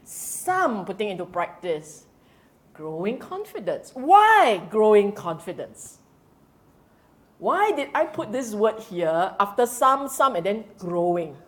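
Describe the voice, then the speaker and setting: Speaking slowly in a medium-pitched voice, a woman with a Singaporean English accent delivers a Buddhist Dhamma talk to a congregation. She is animated, keeps quizzing her listeners, drops in colloquial particles, and laughs.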